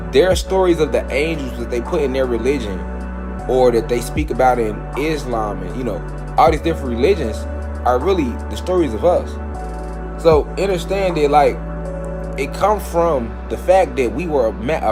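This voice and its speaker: A man giving a casual spiritual lecture, preaching to his listeners, repeating phrases and calling them family. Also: medium pitch. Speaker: spiritual talk host.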